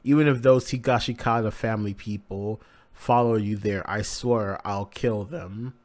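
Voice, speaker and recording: A man's voice: on the low side, fairly even intonation, normal speed, close to an everyday voice. A man reading the lines of a fierce, tearful young maid from a manga in his own voice. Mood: threatening.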